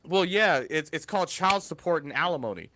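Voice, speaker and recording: A man's voice: fairly high pitch, fairly quick, a little hiss or hum. A man co-hosting a podcast, telling stories animatedly in casual, profane banter. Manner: animated storyteller, profane, mimics people. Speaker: podcast co-host.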